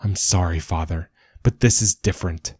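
A man voicing a young son who speaks softly and slowly, gently defiant, in an audiobook story. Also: deep voice, husky, no room sound, studio quality. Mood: quiet resolve.

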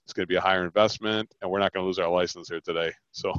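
In this coaching call, a man speaks in a low, racing voice with no echo as he acts out buyer and seller for a caller. He's animated throughout the sales role-play. The lo-fi phone audio sounds dull.

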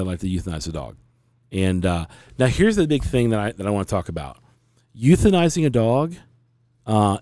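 A man's voice: fairly low pitch, warm tone, dry recording, studio quality. A middle-aged man hosting a casual talk show, telling a story in a frank, rambling way with many restarts. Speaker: podcast host.

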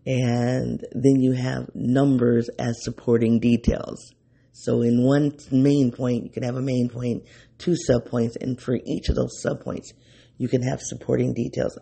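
A man's voice: medium pitch, creaky, warm tone, breathy edge. A man hosting an unscripted solo podcast in his early-morning voice, rambling and correcting himself as he thinks aloud. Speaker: podcast host.

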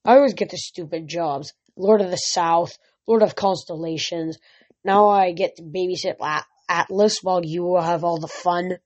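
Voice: mid-range voice, moderate pace, darkish tone, dry recording, lightly acted. Reader doing a grumpy titan guard w ram horns, whiny complaining, muffled audio. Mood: sulky. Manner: grumbling, sulky complaining. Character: grumbling ram-horned Titan guard, resentful. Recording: dull lo-fi recording.

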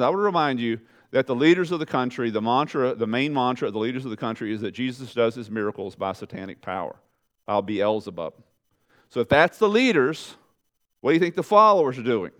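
A male pastor delivers a sermon in a lively, conversational way. He speaks straight to the congregation, climbs high and loud on his questions, and sinks to a low, quiet voice for emphasis. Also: fairly quick. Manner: animated preaching, rising loud on questions and dropping low and soft for emphasis.

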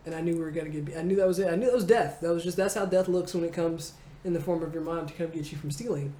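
A comedian in her forties tells a childhood story in an interview, lively and laughing, acting out the people in it. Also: on the low side, racing. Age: 40s. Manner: animated, acting out voices, laughing. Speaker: comedian guest. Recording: roomy echo, faint noise.

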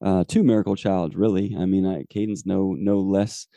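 A man's voice: sits low, steady tone, normal speed, vocal fry, mellow, dry recording, studio quality. A man in his forties, a podcast host telling a personal faith testimony in an earnest, rambling way with many fillers. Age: 40s.

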